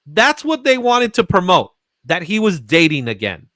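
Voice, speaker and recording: Man, comic show host, bright tone, dry close sound, casual chat. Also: high voice, moderate pace, dry recording. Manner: laughs often, animated.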